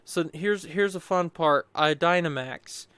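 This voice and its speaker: Chatty young man, smooth dry voice. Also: fairly high pitch, unhurried, no room sound. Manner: rambling, restarts often, chatty and animated. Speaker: gameplay commentator. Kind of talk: casual gameplay voice-over commentary.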